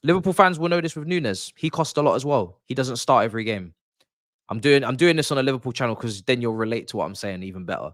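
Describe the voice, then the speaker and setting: A man's voice: mid-range voice, lively intonation, fast, no room sound, clean studio sound. A man giving his views as a football pundit in casual podcast chat, confident and emphatic, often repeating his points.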